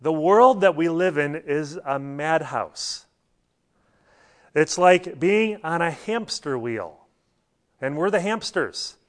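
A man delivers a sermon in an easy, talk-like manner, weaving in anecdotes. His voice sits a little on the high side. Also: expressive, slow pace, a bit bright. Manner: conversational preaching with anecdotes and light laughs. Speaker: pastor.

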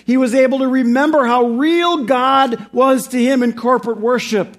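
A male pastor preaching a sermon. He slows and rises in emphasis on key phrases and drops low and quiet for reflective points. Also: steady tone.

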